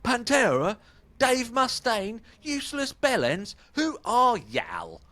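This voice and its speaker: British guy putting on a high-pitched ranting troll, mock-indignant, comic. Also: huge pitch swings, takes it slowly, a bit bright, full character voice. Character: angry ranting male online commenter.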